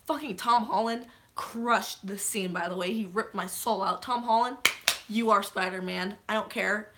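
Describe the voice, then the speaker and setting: Bright-voiced, excitable young woman vlogger. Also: mid-range voice, a little slow, slight background noise. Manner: excitable, swearing, rambling. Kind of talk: casual chat.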